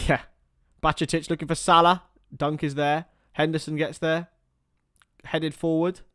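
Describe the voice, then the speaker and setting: Football fan commentator, young adult, casual chatty tone, dry sound, loud excited shouts at big moments. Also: male voice, a little high, measured pace, clean tone, no room sound. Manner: partisan, rises to excited shouts at chances. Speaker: watchalong commentator, Liverpool fan. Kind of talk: live fan commentary with chat.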